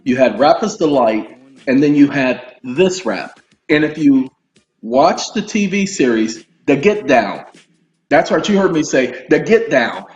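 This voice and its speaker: Animated man explaining legal texts. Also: a little high, a little slow. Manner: animated, addresses listeners as y'all, breaks off into asides. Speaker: legal commentary host. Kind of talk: casual talk reading and explaining legal text. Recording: roomy, dull sound with faint music.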